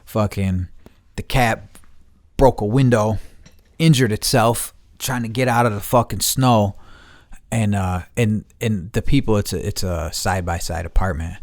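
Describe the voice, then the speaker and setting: A man's voice: fairly low pitch, a little slow, no echo, studio quality. A man delivering an angry, profane monologue, repeating himself and restarting sentences as he vents. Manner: angry, heavy swearing, repeats words, restarts. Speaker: podcast host.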